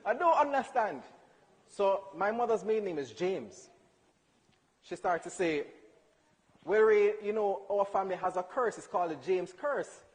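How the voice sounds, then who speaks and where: A young man with a high voice tells a personal story to a church crowd. He swings his voice widely, acting out dialogue and laughing along. A long hall reverb trails his words. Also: lively intonation, normal speed, pauses often. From Jamaica. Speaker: church speaker. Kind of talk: storytelling testimony.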